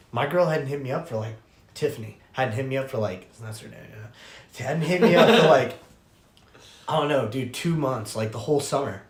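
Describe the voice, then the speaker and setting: A young man, a podcast host, telling a story in casual chat, animated and profane, acting out the voices of people he quotes. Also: medium pitch. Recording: roomy echo.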